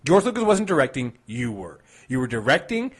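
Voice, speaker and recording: A man's voice: medium pitch, sing-song, a little fast, slightly rough. A man chatting casually as a film reviewer, emphatic and restarting his sentences often. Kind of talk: casual chat.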